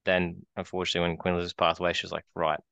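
Deep, flat-voiced Australian man. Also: rapid-fire, vocal fry, smooth, no room sound, dull audio. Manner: rambling storyteller, many restarts and fillers. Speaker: podcast co-host. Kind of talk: casual chat.

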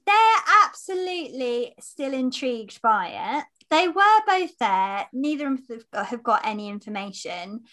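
A woman's voice: high voice, animated, moderate pace, few pauses, bright, forceful tone. A woman co-hosting a podcast in casual chat, bubbly and laughing between phrases. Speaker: podcast co-host.

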